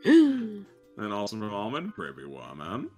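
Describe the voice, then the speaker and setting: A man hosting a stream, casually reading out fan art shout-outs, laughing often and thanking fans. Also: on the low side, wildly swooping pitch, a little slow, slightly rough, faint music behind.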